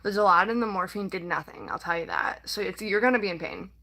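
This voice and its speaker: A woman's voice: medium pitch, pushed and bright, rough recording. Young woman, rambling and emotional. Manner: rambling, halting, full of "like" and "um"; emotional, near tears at times. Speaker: vlogger. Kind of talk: casual personal talk to camera.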